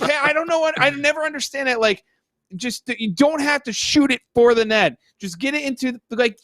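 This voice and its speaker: A man from New Jersey co-hosting a casual sports podcast, animated, often mimicking other voices and laughing as he talks. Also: extremely high pitch, no echo. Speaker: podcast co-host.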